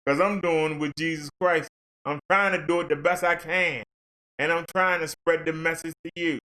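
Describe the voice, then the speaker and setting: A man's voice: sits high, moderate pace, bright, forceful tone. A man ranting on a livestream in a fervent, blunt, preachy way. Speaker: livestream commentator.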